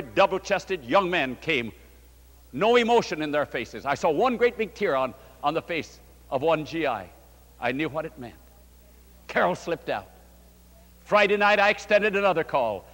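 An older man, a pastor, preaching a sermon and telling a story with fervent rises and quiet drops. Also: very animated, moderate pace. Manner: fervent preaching, voice swelling and dropping low. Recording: long hall reverb.

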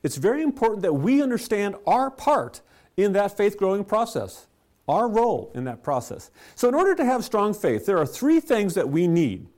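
A man preaching a sermon, telling stories with rhetorical questions and soft chuckles. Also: sits high, sing-song, moderate pace. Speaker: pastor.

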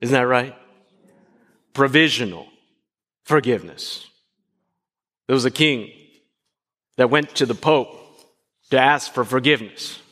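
This pastor's mid-range voice moves unhurriedly, broken by long pauses. Animated in his preaching, he asks the congregation questions and acts out little dialogues, while the recording carries a long hall reverb.

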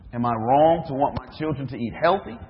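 A man's voice: mid-range voice, expressive, fairly quick, a little hiss or hum. Preaching man in an echoey hall. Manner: storytelling preacher, acts out dialogue, rhetorical questions. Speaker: minister. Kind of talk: sermon. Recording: dull echoey hall recording.

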